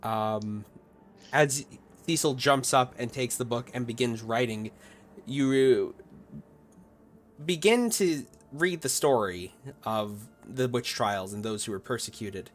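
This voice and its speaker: A man's voice: mid-range voice, takes it slowly. Man narrating as game master. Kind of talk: narrating a tabletop horror game.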